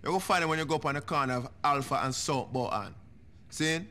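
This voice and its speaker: An actor playing a calm, easygoing Jamaican dealer man in a video game. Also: fairly high pitch, fast. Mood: explaining.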